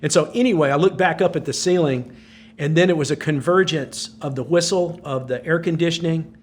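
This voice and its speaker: An older man in his sixties recounts a gripping personal story as a podcast guest. His voice sits a little higher than most men's, and he tells it with breathless intensity, looping back on his phrases. A faint hiss runs under the conversation. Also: fairly quick. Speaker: podcast guest, former Navy SEAL.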